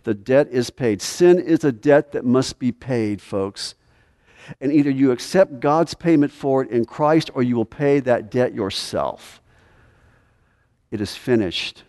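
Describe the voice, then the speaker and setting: A man's voice: medium pitch, unhurried. Man preaching in a reverberant hall. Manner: emphatic preaching, swings from hushed to loud. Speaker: pastor. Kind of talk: sermon. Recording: long reverb of a large hall.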